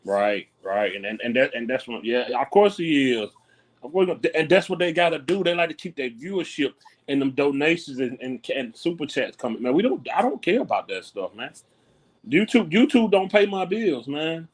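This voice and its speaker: Blunt, slangy man with a higher voice. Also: very animated, moderate pace. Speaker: podcast co-host. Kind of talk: casual chat.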